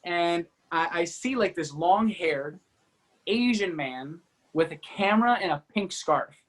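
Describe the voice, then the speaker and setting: A man who is a guest on a podcast, telling a personal story as an energetic, fast-talking storyteller with many fillers like "you know" and "like". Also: high-pitched. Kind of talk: animated storytelling in an interview.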